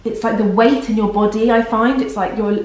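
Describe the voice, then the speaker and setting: A woman's voice: a little high, steady tone, a little fast, darkish tone. A young pregnant woman vlogging casually, rambling and self-deprecating, tired. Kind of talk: casual vlog chat. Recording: very echoey room.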